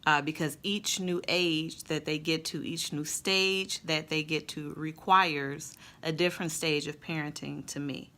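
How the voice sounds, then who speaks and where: Bright-voiced mother telling a story. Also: low-pitched, a little slow, hardly any pauses. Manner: conversational, expressive, with fillers. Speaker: mother and Christian vlogger. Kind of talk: casual storytelling with a faith reflection.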